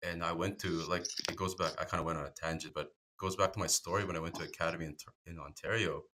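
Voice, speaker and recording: Deep-voiced man, bright and forceful. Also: steady tone, fast, slight background noise. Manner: easygoing, conversational. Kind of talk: casual chat.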